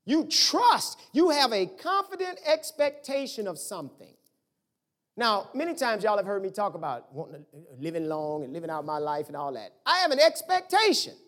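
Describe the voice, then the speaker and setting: A pastor in mid-sermon with a lively voice that swoops up and down in pitch. The delivery is conversational and animated, built on rhetorical questions thrown at the congregation. A middle-aged speaker, talking plainly and directly. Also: brisk.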